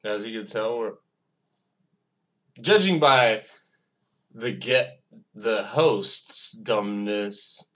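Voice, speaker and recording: A man's voice: medium pitch, a bit bright. A man hosting his own podcast, rambling alone in a profane, self-mocking casual monologue. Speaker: podcast host.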